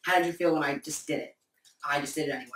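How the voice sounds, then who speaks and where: Young man asking gentle, direct questions. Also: on the high side, steady tone, rapid-fire. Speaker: host, interviewer. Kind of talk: personal interview. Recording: echoey room, mic far off.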